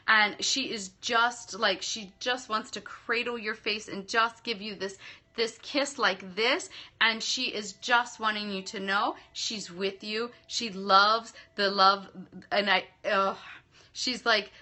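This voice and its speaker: A woman giving psychic readings to viewers on a live stream, effusive and quick to laugh, calling people darling and love. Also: on the high side, pushed and bright. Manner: laughs often between readings. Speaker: psychic medium.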